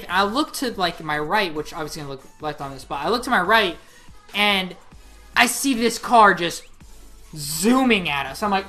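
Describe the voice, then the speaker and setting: Late-teen woman, casual vlog storyteller; bright, punchy tone, rambling and excitable. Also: mid-range voice, normal speed, soft background music. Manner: excitable, rambling, heavy use of 'like'. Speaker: vlogger.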